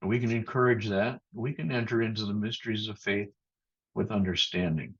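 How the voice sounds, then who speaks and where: A pastor delivers a sermon in a measured, thoughtful manner, pausing and starting over now and then. His husky voice sits slightly low with a fairly bright tone, and the audio sounds muffled, like a video call.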